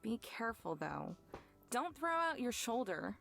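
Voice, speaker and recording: A woman voicing a practical young female treasure hunter in a visual novel, brisk and matter-of-fact. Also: fairly high pitch, very animated, gravelly, fairly bright tone, faint music behind, exaggerated voice.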